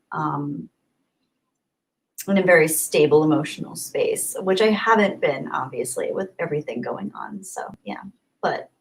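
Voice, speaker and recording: A woman streamer chatting casually with her viewers, reading their comments aloud, rambling and giggling often. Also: deep voice. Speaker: live streamer.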